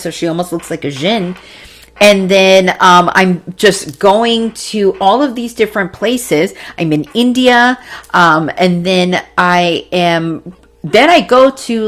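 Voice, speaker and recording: A young adult woman hosting a podcast, telling a personal story in a casual, animated way, swearing freely and acting out sounds. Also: fairly low pitch. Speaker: podcast host. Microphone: podcast mic, seated in a squeaky chair.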